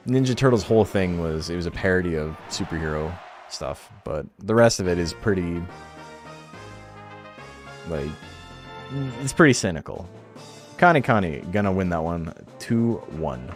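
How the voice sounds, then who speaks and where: A man's voice: sits low, animated, measured pace, soft background music. A man streaming a game tournament, chatting casually and rambling in a laid-back way, swearing now and then.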